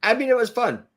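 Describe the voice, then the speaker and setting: A man's voice: sits high, background noise. A young man co-hosting a casual podcast, retelling a story in a mocking tone and laughing often. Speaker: co-host.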